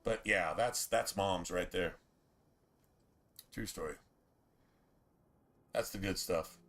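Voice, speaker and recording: Male streamer, bright and forceful voice, laid-back and profane, loose gameplay chatter. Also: low voice, takes it slowly. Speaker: game streamer. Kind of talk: casual gameplay commentary.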